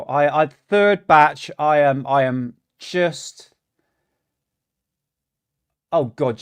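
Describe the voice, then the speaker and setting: A man's voice: a little high, very slow, long pauses, clean tone. A man hosting a livestream, ranting in exasperation, swearing and stammering through restarts. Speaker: livestream host. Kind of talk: reaction livestream rant.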